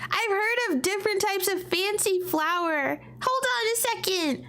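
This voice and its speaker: A woman's voice: extremely high pitch, normal speed, a bit bright. A woman from the American South chatting casually on a live stream, giggly and rambling.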